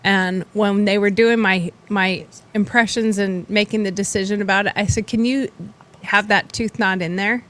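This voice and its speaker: A woman's voice: mid-range voice, steady tone, normal speed, fairly bright tone. A woman hosting a casual talk show, chatty and blunt, often laughing. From western United States. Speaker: podcast host. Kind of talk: casual chat.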